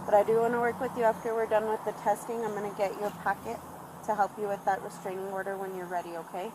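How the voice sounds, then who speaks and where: A female police officer talks in an even, flat tone, calm and firm as she explains each step. She is recorded on her body camera, with a noisy background. Her pitch stays level throughout. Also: quick pace. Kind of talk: bodycam arrest footage. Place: roadside traffic stop, outdoors. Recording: noisy bodycam audio.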